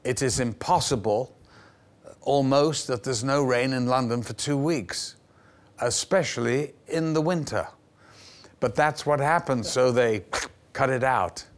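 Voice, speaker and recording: An older actor being interviewed on television, telling anecdotes and acting out the voices of the people in them. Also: male voice, medium pitch, a little slow. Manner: vivid, acts out the voices in his stories. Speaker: actor guest. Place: television studio.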